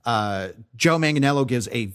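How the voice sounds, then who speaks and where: A young man riffs about films on a podcast, his sentences looping back on themselves with plenty of "um" and "like". His pitch sits in an ordinary middle range. The talk stays relaxed and conversational. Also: normal speed, clear, resonant tone. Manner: rambling, frequent fillers and restarts. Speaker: podcast co-host. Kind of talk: casual movie review chat.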